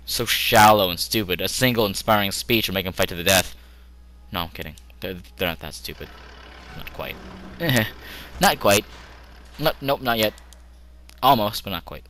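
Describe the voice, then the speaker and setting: A man's voice: lowish voice, a bit bright, poor audio. A young man giving rambling, joking commentary while playing a strategy game at his computer, often talking to himself. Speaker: gameplay commentator. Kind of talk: casual gameplay commentary.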